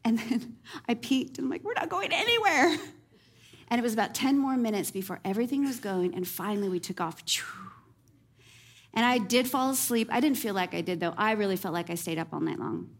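A woman pastor giving a sermon as a personal story, lively and animated, with self-deprecating humor. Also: mid-range voice, fairly quick.

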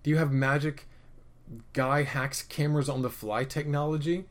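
A man casually recapping a TV episode, opinionated and profane, rambling with restarts and swinging between loud rants and muttered asides. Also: a little high, level tone, moderate pace. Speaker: podcast host reviewing a TV episode.

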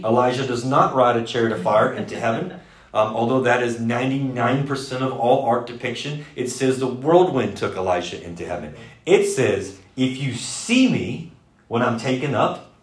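A man preaching a sermon, telling the story fast and with energy, now and then shouting out lines in character. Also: medium pitch. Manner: energetic, fast-talking storyteller with bursts of loud mimicry. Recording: echoey room.

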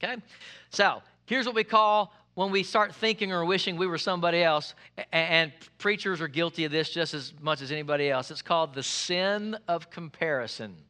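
A male pastor preaching a sermon, lively and joking with the congregation, repeating his key phrases. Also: on the high side, a little fast, clean tone.

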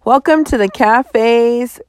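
A woman's voice: on the high side, slow pace, smooth, no room sound. A woman reading a bold, earnest young girl who plays at being a professional detective. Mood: prim. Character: spunky young girl sleuth, bold and formal.

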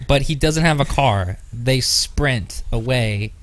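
A man's voice: medium pitch, takes it slowly, a bit bright. A young man co-hosting a casual movie podcast, playful and laughing often. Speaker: podcast co-host. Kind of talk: casual chat.

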